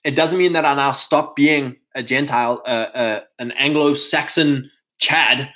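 A man with a South African accent, talking in a casual monologue, animated and mocking, breaking into put-on voices and laughs. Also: mid-range voice, unhurried, poor audio. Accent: South African English.

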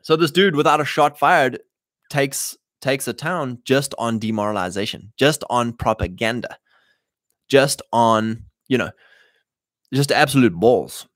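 A man hosting a livestream in a mid-pitched voice, thinking aloud with frequent restarts and fillers. The sound is dry and close, with no room echo. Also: a little slow. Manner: rambling, many fillers and restarts. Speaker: show host. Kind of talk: casual livestream monologue.

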